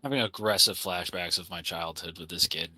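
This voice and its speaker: A man joking through a tabletop game, his low voice edged very bright and forceful. The recording is dry and close. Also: a little fast, dry recording, faint music behind. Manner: joking, playful. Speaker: player. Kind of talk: casual tabletop play.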